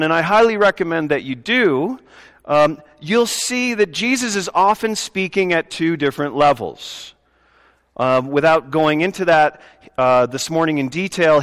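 Pastor, male, slightly high voice, chatty sermon with wry asides, long church reverb. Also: fairly bright tone. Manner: conversational preaching with joking asides to the congregation. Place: church sanctuary.

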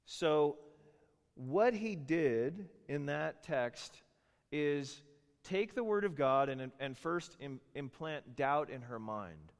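A man's voice: mid-range voice, expressive, slow, in a large hall. A man preaching a sermon in a conversational, teaching manner, stressing points and asking rhetorical questions.

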